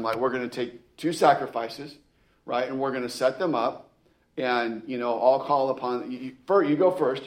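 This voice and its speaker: A man's voice: medium pitch, darkish tone. A man reading scripture aloud with emphasis and explaining it in a conversational way, often asking "right?" and restarting his phrases. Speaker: Bible teacher. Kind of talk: scripture reading with casual commentary.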